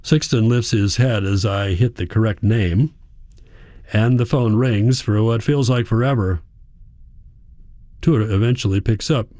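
A man narrates a first-person story in a quiet, measured way. His voice sits low with a dark, mellow tone. The close mic sounds dry with no room behind it. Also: no echo. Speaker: audiobook narrator.

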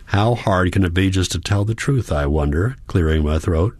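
A man narrating a novel in the first person, measured and reflective. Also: deep voice, animated, a little mellow, no room sound. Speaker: audiobook narrator.

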